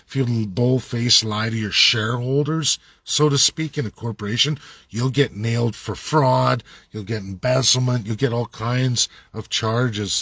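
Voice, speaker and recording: A man rants hard, hammering his points with repeated rhetorical questions. His voice sits at an ordinary middle pitch. The sound is close and dry, with no room echo. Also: a bit bright. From Canada. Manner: angry, repetitive, rhetorical questions. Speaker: political commentator. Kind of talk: ranting monologue.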